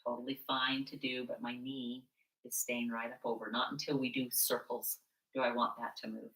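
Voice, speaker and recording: A woman's voice: a bass voice, flat delivery, normal speed, a bit bright. A woman yoga instructor guiding a seated chair class, chatting about her own stories between movement cues. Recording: echoey room, mic at a distance.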